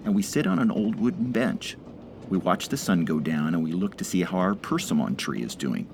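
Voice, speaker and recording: A man voicing a cheerful, gentle Japanese man in his seventies who chats with delight. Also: deep voice, lively intonation, normal speed, a little hiss or hum. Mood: cheerful chatting.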